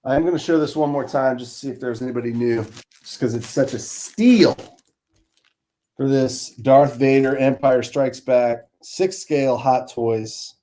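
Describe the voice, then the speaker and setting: A man casually pitching items on a live auction stream, laid-back and easygoing. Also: fairly even intonation, unhurried, warm tone. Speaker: auction seller.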